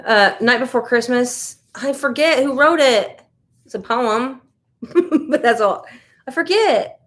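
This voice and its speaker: This host, a woman from the United States, speaks slowly in a fairly high, fairly bright voice. On her casual live stream she chats loosely and reacts to viewer comments.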